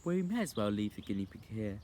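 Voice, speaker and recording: A man voicing a young, earnest and sensible girl in an audiobook reading, with a high, eager, urging voice. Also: big pitch swings, a little fast, mellow, slight background noise.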